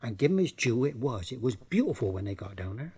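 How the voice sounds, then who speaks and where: A man's voice: mid-range voice, very animated, fast talker, dark tone, husky, no echo. Folksy West Country comic storyteller man. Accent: West Country English. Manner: folksy, yarn-spinning. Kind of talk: comic dialect monologue.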